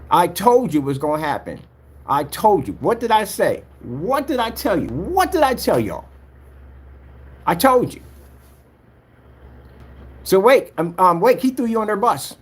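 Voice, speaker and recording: A man's voice: high voice, big pitch swings, moderate pace. A man who makes projector screens, giving heated vlog commentary and taunting a rival with repeated jabs. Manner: taunting, repeats himself, talks straight at a rival. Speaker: projector screen maker vlogger.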